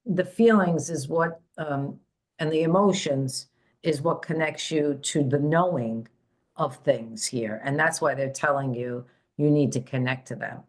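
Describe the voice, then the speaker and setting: A woman hosting a spiritual podcast as a psychic medium, talking casually with many fillers and restarts. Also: low voice.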